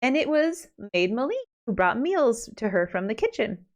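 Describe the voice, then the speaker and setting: A woman host retelling an old fairy tale in a loose, chatty manner. Her voice sits fairly high, and she breaks off into joking asides. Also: big pitch swings, moderate pace. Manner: chatty, laughs between asides. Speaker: podcast host.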